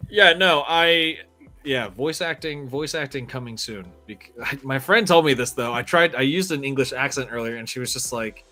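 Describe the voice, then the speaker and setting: A man's voice: mid-range voice, normal speed, sharp tone, faint music behind. A man hosting a podcast in casual chat, rambling and laughing often. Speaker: podcast host.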